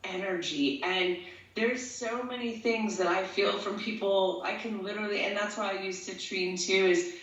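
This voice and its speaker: A woman's voice: medium pitch, normal speed, fairly bright tone. An earnest woman who rambles as she explains herself to an interviewer. Her voice sounds far from the mic in a very echoey space. The sound is dull and lo-fi. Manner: earnest, rambling, gets emotional. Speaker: guest, empath and tattoo artist. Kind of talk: casual interview talk.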